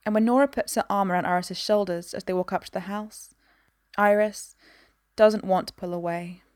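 A woman's voice: mid-range voice, fairly even intonation, moderate pace, darkish tone, clear, resonant tone, no echo. Woman reading a story, dry sound. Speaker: narrator.

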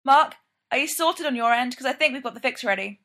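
A woman voicing an excitable, cheeky young male engineer with a playful, upbeat way of talking. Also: high voice, fairly quick, pitched above the performer's own voice.

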